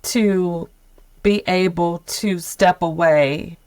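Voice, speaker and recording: On a podcast, this fiftysomething nonprofit leader recounts her sabbatical with frank, lively expression and lots of laughter. She draws out her words in a lowish voice, and there is no echo.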